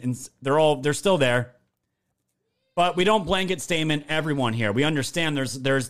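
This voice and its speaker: A man delivers sarcastic, profane video commentary in an angry rant. His voice sits a bit high for a man. He talks straight at his viewers. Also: fairly bright tone. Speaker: political commentator.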